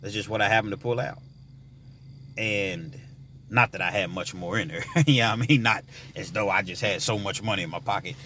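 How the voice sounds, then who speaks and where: A man vlogging, telling a story in a casual, rambling way with many fillers, sometimes mimicking frantic girls in a high voice. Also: a little fast, pushed and bright, slight background noise.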